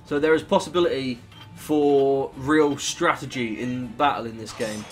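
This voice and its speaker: Young british bloke rambling through gameplay commentary, swears a lot, mid pitch, faint game music behind. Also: male voice, fairly even intonation, normal speed. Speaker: gaming YouTuber.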